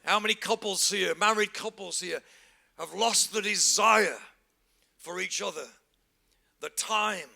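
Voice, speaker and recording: A middle-aged man, preaching a humorous sermon that acts out everyday scenes and bursts into shouts for emphasis. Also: high-pitched, unhurried, vocal fry, long pauses. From England. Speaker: pastor.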